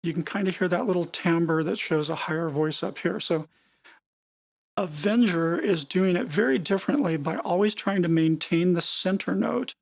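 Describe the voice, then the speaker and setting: Gravelly, slightly rough, and darkish in tone, this mid-range voice belongs to a music production tutor recording their screen. They walk through synth settings in a relaxed, explanatory way, repeating words and fixing themselves mid-sentence.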